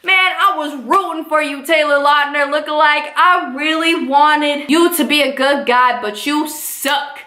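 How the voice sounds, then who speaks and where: A young woman with a high, bright voice tells a storytime vlog with sass and slang. Her delivery is animated, and the sound carries a roomy echo. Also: a little slow, hardly any pauses. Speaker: vlogger.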